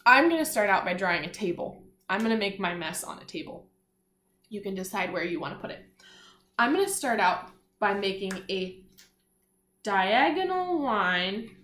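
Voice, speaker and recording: A woman's voice: mid-range voice, animated, moderate pace, pauses often, fairly bright tone, echoey room, slight background noise. A woman giving a patient, encouraging lesson to young children, sounding out letters and praising answers. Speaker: kindergarten teacher. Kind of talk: slow, clear classroom instruction to young children.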